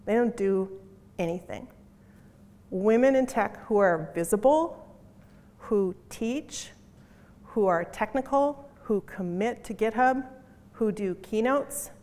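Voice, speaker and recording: A woman's voice: medium pitch, slow pace, long pauses, a little mellow. A middle-aged woman giving a conference keynote talk in an emphatic, punchy way, repeating her key phrases. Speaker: conference speaker. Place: conference hall. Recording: long reverb of a conference hall.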